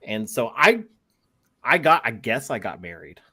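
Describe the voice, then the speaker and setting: A man speaking as a guest in a casual chat, laid-back and quick to laugh. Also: medium pitch, sing-song, pushed and bright, husky.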